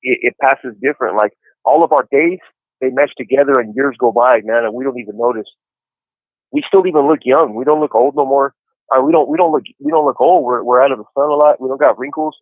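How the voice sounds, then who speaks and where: A man in his forties phones in to a podcast from prison, chatting casually and telling his story in a relaxed way, with plenty of "you know." His medium-pitched voice moves fairly quickly, with no room sound. The tinny prison line comes through a phone handset.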